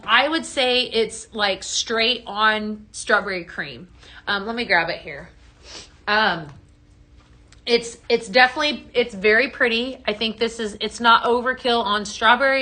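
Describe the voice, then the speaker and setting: Bright-voiced woman hosting a live product show. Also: on the high side. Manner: chatty, reads and answers viewer comments, many fillers. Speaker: live-stream product host. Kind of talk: casual live-selling chat.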